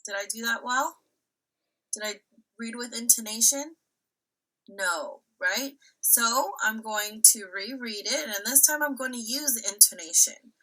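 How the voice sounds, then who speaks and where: A woman's voice: on the high side, measured pace, pushed and bright, poor audio. A woman teacher giving a remote reading lesson to young children, patient and step-by-step, often checking in with "right?".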